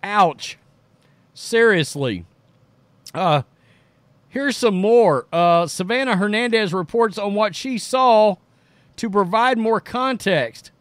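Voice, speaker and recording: A man's voice: sits high, lively intonation, takes it slowly, pauses often, a bit bright, dry recording. A man from Texas hosting a political commentary show, talking casually with sarcastic, mocking asides.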